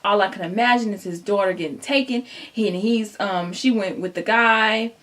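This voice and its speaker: A young woman telling a casual storytime vlog straight to her viewers, animated and chatty, acting out what people said. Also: mid-range voice, normal speed. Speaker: vlogger.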